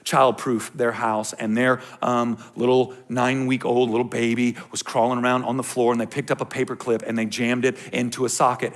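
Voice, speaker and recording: A male pastor preaching a sermon to his congregation, swinging from hushed to shouting and slipping in joking asides. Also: mid-range voice, creaky.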